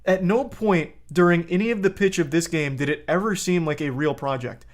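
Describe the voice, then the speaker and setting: Guy streamer ranting live, kinda high voice, cusses a lot, gets worked up. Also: a little fast, few pauses. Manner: blunt, profane, gets heated. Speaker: streamer reacting to a video. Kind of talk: casual live-stream commentary.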